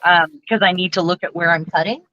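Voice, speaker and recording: A woman's voice: on the low side, fairly even intonation, a little fast, bright, forceful tone, lo-fi sound, a little hiss or hum. A woman co-hosting a casual crafting livestream, playful and giggly as she chats and reads comments. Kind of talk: casual chat while crafting.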